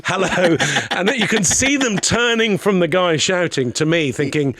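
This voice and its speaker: A middle-aged man tells a comic story, his pitch leaping all over the place as he acts out other people's voices. His voice sits a little high for a man. He swears freely, and the sound is close and dry with no room echo. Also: animated, normal speed, a bit bright. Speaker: podcast guest. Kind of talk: comic anecdote telling.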